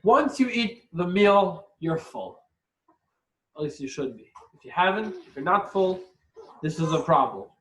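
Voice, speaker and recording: A man's voice: sits high, very animated, a little slow, fairly bright tone, roomy sound, rough recording. A man giving an informal, chatty lesson with joking asides. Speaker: teacher explaining a ritual meal. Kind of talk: informal instructional talk with joke-telling.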